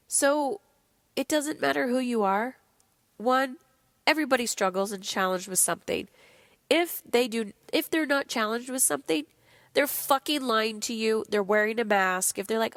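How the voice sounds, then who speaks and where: Woman podcast host, swears a lot, kinda high voice, sick and low energy but fired up, dry close sound. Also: normal speed, no echo. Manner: blunt, profane, animated. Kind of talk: candid motivational monologue.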